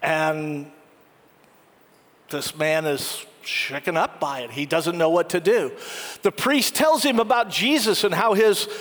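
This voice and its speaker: High-voiced preacher in a reverberant hall. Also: male voice, slow pace, a bit bright. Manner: storytelling, acts out quoted lines. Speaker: pastor. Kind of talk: sermon.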